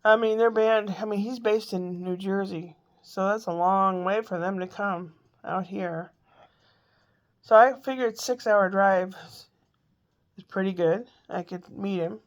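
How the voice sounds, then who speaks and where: A woman's voice: medium pitch, steady tone, measured pace. A woman vlogging from home in a meandering, chatty way, a little congested with a lingering cough. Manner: chatty, meandering, self-interrupting. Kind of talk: rambling casual chat.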